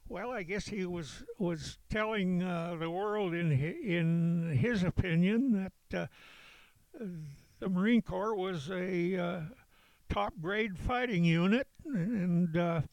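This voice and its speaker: An older man, a veteran, recalling events in a halting storytelling way with chuckles. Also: high voice, darkish tone, no room sound, low-quality recording. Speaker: veteran interviewee. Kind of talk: oral history recollection.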